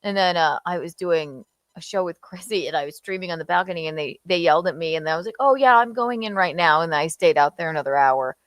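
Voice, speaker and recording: A woman's voice: deep voice, steady tone, quick pace, dry recording. A woman co-hosting a casual livestream chat, blunt and joking, laughing at her own stories. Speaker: co-host.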